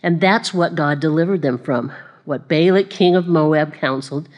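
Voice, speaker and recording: Chatty, low-voiced woman preaching. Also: normal speed, a little mellow, muffled recording. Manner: chatty and self-deprecating, with laughing asides and restarts. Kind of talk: conversational sermon.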